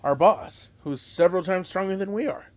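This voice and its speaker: A man's voice: high voice, normal speed, a little mellow, voice pushed up, natural voice. A man voicing a squad of boastful alien mercenaries who brag in a matter-of-fact way.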